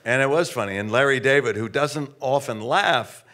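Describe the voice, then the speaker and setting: Man, guest, anecdote, animated, stammering restarts, acting out quotes, mid pitch. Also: moderate pace. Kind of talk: anecdote storytelling.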